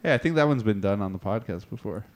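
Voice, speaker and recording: A man's voice: on the low side, lively intonation, fast. A man hosting a casual podcast, dry and skeptical with his remarks. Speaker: podcast host.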